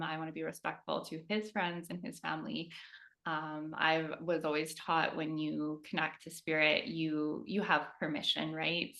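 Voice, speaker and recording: A woman speaking calmly and earnestly in a measured conversational way. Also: low-pitched, gravelly. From Canada. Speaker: spiritual medium. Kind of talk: casual conversation.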